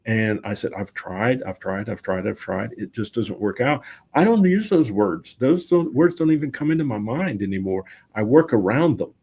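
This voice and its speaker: A middle-aged man's fairly low voice carries a guest's easygoing storytelling. He talks conversationally and keeps acting out his own past lines inside each anecdote. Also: moderate pace, slightly rough. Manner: animated anecdotes, often quoting himself. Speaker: guest, voice-over and public speaking teacher.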